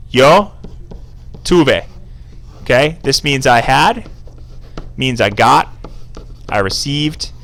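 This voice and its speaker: A man's voice: medium pitch, fairly bright tone. A man teaching a casual classroom screencast lesson, chatty and informal, prompting students to call out answers. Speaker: Spanish teacher.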